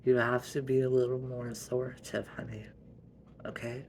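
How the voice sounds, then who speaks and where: A man doing a gentle, patient wife. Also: mid-range voice, little pitch movement, moderate pace, a little hiss or hum, lightly acted. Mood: gently firm.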